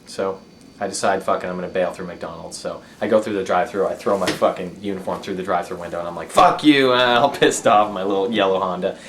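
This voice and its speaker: A man's voice: sits low, flat delivery, quick pace, a little hiss or hum. A man telling a rambling, profane story about himself, laughing at his own mishaps. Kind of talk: casual personal storytelling.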